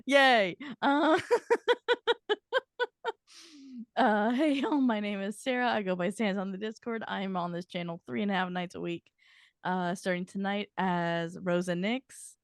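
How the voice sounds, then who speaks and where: A woman's voice: medium pitch, fairly even intonation, moderate pace, clear, resonant tone, no echo, studio quality. A woman giving a chatty, giggly self-introduction as a tabletop player and game master on a stream.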